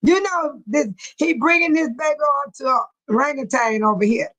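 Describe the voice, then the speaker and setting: A woman's voice: sits high, normal speed, a bit bright, low-quality recording. An older woman, hosting a casual livestream, laughing often and teasing viewers by name as she reads the chat. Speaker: livestream host reading chat.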